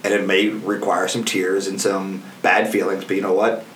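Low-voiced host, off-mic and roomy. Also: male voice, little pitch movement, normal speed, fairly bright tone, distant mic, a little hiss or hum. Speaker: podcast host. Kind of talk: casual podcast chat.

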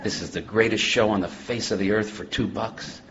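A man speaking at a recovery convention, joking and animated, moving between loud bursts and hushed passages. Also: on the low side, normal speed. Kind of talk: humorous personal talk to a live audience. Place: convention hall. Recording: dull lo-fi live talk recording.

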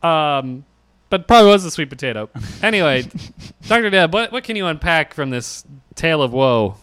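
An animated man co-hosting a podcast, telling a story with frequent laughs and voices for the people in it. His voice is bright and smooth, sitting a little high. The close mic gives a dry sound. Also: moderate pace, dry recording. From New York City. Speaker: podcast co-host. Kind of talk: casual storytelling chat.

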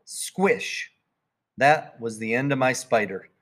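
A man narrating a children's storybook in a plain, even read-aloud manner. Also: medium pitch, normal speed. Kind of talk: storybook reading.

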